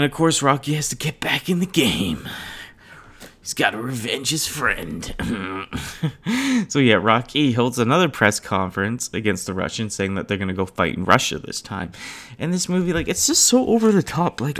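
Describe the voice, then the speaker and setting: A man's voice: medium pitch, a bit bright. A man hosting his own podcast, casually retelling and reviewing an old film, with many fillers, frequent laughs and a rambling flow. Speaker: podcast host. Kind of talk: casual movie review chat.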